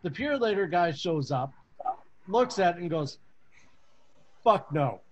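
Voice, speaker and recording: A man's voice: high-pitched, normal speed, noisy background. Chatty man telling a work story. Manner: chatty, amused, animated when he quotes people. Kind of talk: casual storytelling. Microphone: video call.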